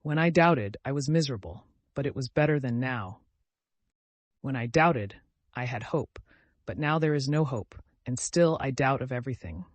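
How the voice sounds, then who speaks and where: A male audiobook reader voicing a cold, formal aristocratic husband who speaks in measured, stiff sentences. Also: medium pitch, animated, no room sound, close to an everyday voice. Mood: bitter.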